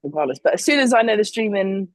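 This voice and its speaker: A woman's voice: mid-range voice, expressive, fast, dry recording, poor audio. A young woman, co-hosting a casual sports podcast and telling stories with lots of fillers and apologies. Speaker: podcast co-host and flag football player. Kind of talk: casual chat.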